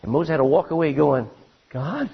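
A man preaching a sermon, reading scripture aloud and swinging between loud emphasis and hushed asides. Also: sits high, very animated, unhurried, slightly rough, highs cut off.

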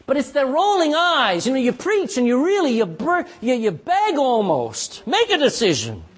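A man preaching a sermon as pastor, impassioned and pleading, with sudden drops to a hush. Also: very high-pitched, huge pitch swings, normal speed, breathy edge.

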